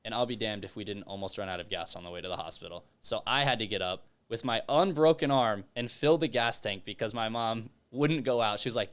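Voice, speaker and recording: A man's voice: fairly low pitch, fast, hardly any pauses, clean tone. A young man from Texas, a guest author, telling a personal story in casual chat and acting out the voices of the people in it. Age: young adult. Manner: animated, acts out quoted voices.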